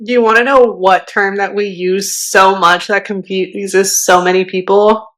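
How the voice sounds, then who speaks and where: A young woman from Southern California co-hosting a casual podcast, relaxed, with wry asides. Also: medium pitch, unhurried. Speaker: podcast co-host. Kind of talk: casual chat.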